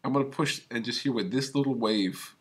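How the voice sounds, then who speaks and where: A man's voice: mid-range voice, fairly quick, breathy edge. A man teaching a video editing class, talking through each click step by step in a casual way. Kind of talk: screen-recorded software tutorial.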